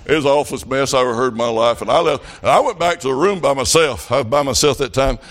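Speaking quickly at a medium pitch, this middle-aged Southern US preacher tells homespun stories during a revival sermon, working himself up to impassioned shouting.

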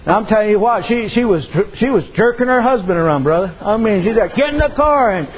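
A man's voice: sits high, fast, slightly rough. A man preaching a sermon, telling folksy stories and dropping repeated amens. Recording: dull lo-fi recording.

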